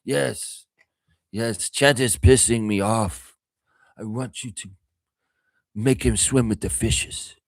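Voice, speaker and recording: A man voicing an aging mafia boss in a slow, hushed, mumbling impression. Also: lowish voice, steady tone, gravelly, no echo, studio quality, exaggerated voice. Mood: quietly menacing. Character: aging mafia don, soft-spoken and menacing.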